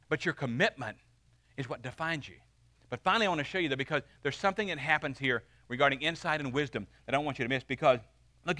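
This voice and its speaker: Man preaching, emphatic, bright forceful tone, slightly high, dry sound. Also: no echo. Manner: emphatic preaching, slowing to stress key lines. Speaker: pastor. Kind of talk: sermon.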